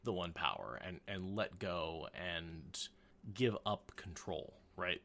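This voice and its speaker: A man hosting a podcast, chatting casually about a book. His voice sits low for a man. He drops dry, wry asides into the talk. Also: expressive, slow, a bit bright. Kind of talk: casual chat.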